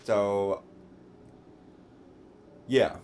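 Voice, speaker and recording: A man's voice: fairly low pitch, fairly even intonation, extremely slow, darkish tone. A man playing his character in a tabletop game, talking bluntly and swearing freely. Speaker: player. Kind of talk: casual in-character play.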